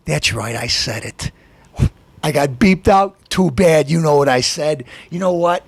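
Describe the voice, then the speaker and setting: A man hosting a comedy show, delivering a mocking political rant with taunts and shouted outbursts. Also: a little high, normal speed, slight background noise.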